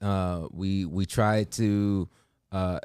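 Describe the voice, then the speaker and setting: A man's voice: low-pitched, very slow, clear, resonant tone, no room sound, studio quality. A man with an American accent hosting a morning show, talking casually and acting out what others say, with many restarts. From United States. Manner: animated, acts out quotes, many restarts. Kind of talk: casual conversation.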